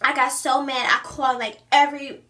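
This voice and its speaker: A woman's voice: high-pitched, flat delivery, fairly quick, bright, forceful tone. A young woman chatting through a storytime vlog, retelling events with lots of fillers.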